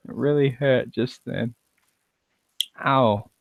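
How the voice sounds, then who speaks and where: A man drawls slowly through casual call banter, brash and teasing, with plenty of swearing. The audio is dry and dull, like a cheap call mic. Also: mid-range voice, steady tone, vocal fry, no room sound. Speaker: hangout participant. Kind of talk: casual chat on an online call.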